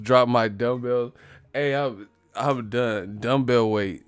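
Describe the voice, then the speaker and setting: A man's voice: medium pitch, slow pace, clear, resonant tone, no room sound. A man with an ordinary mid-range voice rants about fighters in a loose, profane, joking way, laughing at his own riffs. The sound is dry and close, with faint music underneath. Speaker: boxing commentator. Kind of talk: casual comedic rant.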